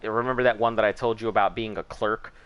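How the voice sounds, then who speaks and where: Low-voiced, swearing man telling stories. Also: fairly even intonation, fast, clean tone, dull audio. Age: 30s. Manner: swearing, laughing storyteller. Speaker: gaming streamer. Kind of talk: casual chat while gaming.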